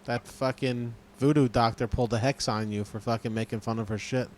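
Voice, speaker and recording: A man co-hosting a podcast, chatting in a relaxed, blunt and profane way. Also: medium pitch, a little fast, a little hiss or hum. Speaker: podcast co-host. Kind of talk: casual chat.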